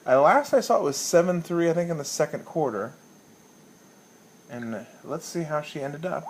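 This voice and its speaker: A man giving a casual, rambling comic monologue as a league commissioner, swearing freely and telling a story deadpan. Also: fairly high pitch, moderate pace, a little hiss or hum.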